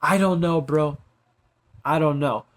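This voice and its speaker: A man rambling in a monologue to the camera, constantly tagging his sentences with "bro" and "right", and trailing off into quiet drawled asides. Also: on the high side, measured pace.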